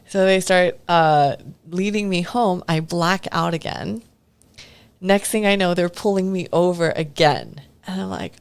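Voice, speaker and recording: Speaking a little slowly in a steady, lowish voice, this woman has vocal fry and a clear, resonant tone. As a guest on a podcast, she recounts her past openly and casually, with the odd swear word and impressions of other people's lines.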